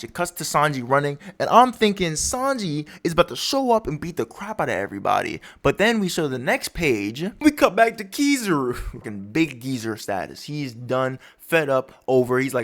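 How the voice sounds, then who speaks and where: A man's voice: a little high, moderate pace, few pauses. Guy rambling through a manga recap, voice jumping all over the place. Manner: animated, rambling storytelling. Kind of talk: casual chapter breakdown.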